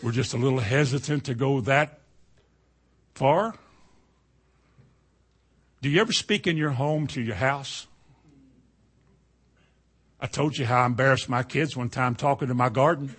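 Folksy preacher man, bright voice. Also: mid-range voice, unhurried, long pauses, husky. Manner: folksy storytelling, swings from quiet to loud. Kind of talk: sermon.

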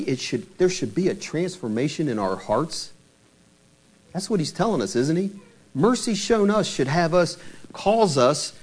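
A married man preaching a sermon in an animated way, asking many rhetorical questions and retelling scripture. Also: a little high. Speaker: pastor.

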